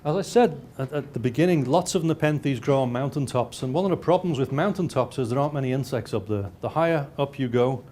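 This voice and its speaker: A man of middle pitch lectures over slides, stumbling and restarting often. He drops in dry, self-mocking jokes, and a faint hiss runs underneath. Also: brisk, hardly any pauses, a little mellow. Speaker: lecturer and researcher.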